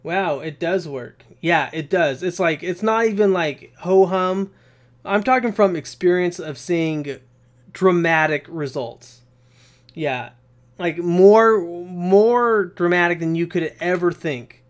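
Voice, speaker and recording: A young man hosting a casual live Q&A stream, talking in an energetic, rambling way with casual swearing. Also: high-pitched, takes it slowly.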